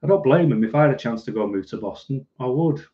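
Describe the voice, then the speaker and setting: A man's voice: medium pitch, lively intonation, fast, dark tone. A man hosting a casual livestream, reading viewer comments aloud in a chatty, rambling way and laughing easily. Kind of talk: casual live chat. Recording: dull lo-fi recording.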